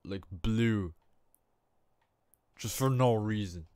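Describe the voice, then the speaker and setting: A young man, a gaming channel host, giving casual gameplay commentary, excitable and self-mocking, often breaking into exclamations. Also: medium pitch, moderate pace, dry recording. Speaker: gaming YouTuber.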